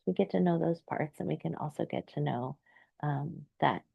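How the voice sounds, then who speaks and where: A woman in her thirties, a therapist, talking gently and reflectively, with a meandering pace and many fillers. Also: low-pitched, normal speed, creaky, slightly rough, dry recording, phone-quality sound. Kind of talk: reflective solo talk.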